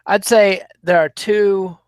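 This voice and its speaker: A man's voice: high voice, fairly even intonation, slow pace, darkish tone, smooth, dry recording. A man hosting a casual podcast, previewing fights with dry, sarcastic wit. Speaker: podcast host. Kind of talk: casual chat, sports preview.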